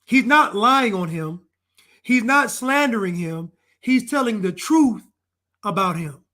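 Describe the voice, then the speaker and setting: Male commentator, high voice, emphatic and repetitive, solo opinion monologue. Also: animated, takes it slowly, pushed and bright. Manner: emphatic and repetitive, hammering points home. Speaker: online commentator.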